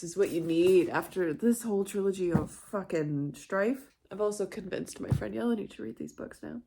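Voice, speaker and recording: Brief: young woman book vlogger, chatty and emotional, quick to laugh, curses casually. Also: mid-range voice, gravelly, dark tone, slightly rough. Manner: emotional, swears freely, laughs often. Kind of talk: casual vlog chat.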